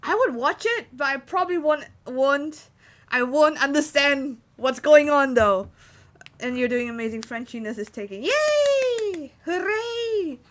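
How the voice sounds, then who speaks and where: A woman's voice: high voice, normal speed, a bit bright. A woman composer chatting casually with her livestream viewers, rambling with many fillers as she answers chat.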